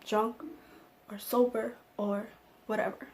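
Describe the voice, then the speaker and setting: A woman's voice: fairly high pitch, little pitch movement, slow pace. Young woman telling a personal story. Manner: emotional personal storytelling, acting out quotes. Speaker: vlogger. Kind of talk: storytime vlog.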